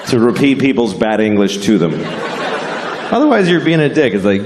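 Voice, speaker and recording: A man's voice: mid-range voice, very animated, moderate pace, very noisy. A man doing a stand-up comedy set, crude and mock-ranting, acting out characters on a stage before a live audience. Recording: echoey venue with crowd laughter.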